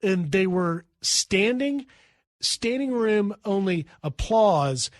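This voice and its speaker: A middle-aged man fills in as a radio host and tells a long story in a lively, animated way, now and then acting out the people in it. His voice sits high for a man. The sound is dry and close to the mic, with no room around it. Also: slow pace, dry recording.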